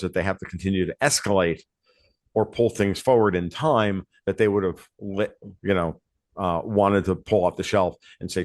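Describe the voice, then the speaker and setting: Man, podcast host, low voice, dry close sound, rambling animated talk. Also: dry recording. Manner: rambling and animated, circles back on himself. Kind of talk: casual podcast conversation.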